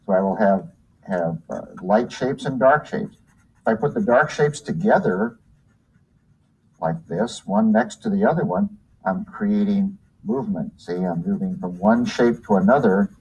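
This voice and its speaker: A man's voice: on the low side, darkish tone, husky, poor audio. A man teaching art in a hands-on demonstration, talking unhurriedly while he works and pointing things out as he goes.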